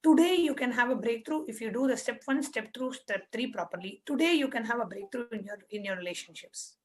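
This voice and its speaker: A woman's voice: on the high side, brisk, low-quality recording. A woman guiding an online spiritual workshop, giving patient, repetitive step-by-step instructions. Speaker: workshop facilitator.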